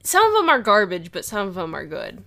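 A woman's voice: mid-range voice, huge pitch swings, a little fast, creaky, bright, forceful tone. A young woman, a student, chatting casually with her boyfriend, giggly and full of "like". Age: young adult. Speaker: vlogger, co-host with partner. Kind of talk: casual couple chat.

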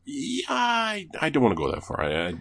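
A man's voice: a little high, normal speed, vocal fry. A man in a casual group chat, argumentative and swearing freely. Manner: argumentative, swears often, lively.

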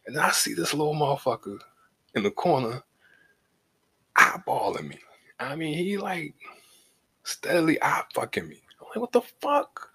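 A man's voice: fairly high pitch, very animated, moderate pace, pauses often, pushed and bright, breathy edge. A middle-aged man telling a personal story on a podcast in a loose, profane, laid-back way, often asking "you know what I'm saying". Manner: shifts from laid back to heated as the story builds. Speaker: podcast host. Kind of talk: casual storytelling.

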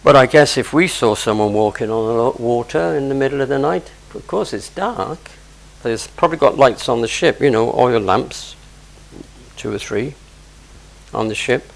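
Male preacher, gravelly, chatty explanatory sermon, mid-range pitch. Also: lively intonation, moderate pace, low-quality recording. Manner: explains verse by verse, conversational asides. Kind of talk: sermon on scripture.

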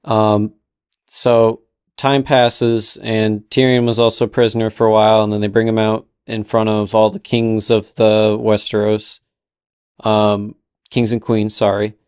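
Young guy podcasting, low smooth voice, rambly recap full of ums. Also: little pitch movement, measured pace, a little mellow, no echo, clean studio sound. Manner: rambling, with filler and sarcastic quoted asides. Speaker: podcast co-host. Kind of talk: casual recap chat.

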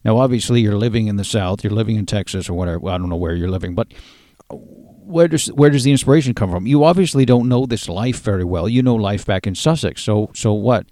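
A man's voice: on the low side, fast, dark tone, dry recording, clean studio sound. A man hosting a comedic interview, gushing enthusiastically over his guest. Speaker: host.

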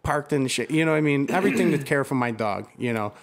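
A man's voice: mid-range voice, animated, fast. A man in casual conversation, telling an angry story full of swearing, restarts and filler words. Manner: heated, profane storytelling with many restarts.

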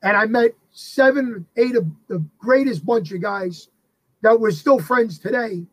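A man with a husky New voice tells a story on a podcast. His voice sits high, and the sound is close and dry. He talks casually and acts out everyone in his story. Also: measured pace, dry recording, poor audio. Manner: animated, acts out the people he quotes. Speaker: actor guest on a podcast.

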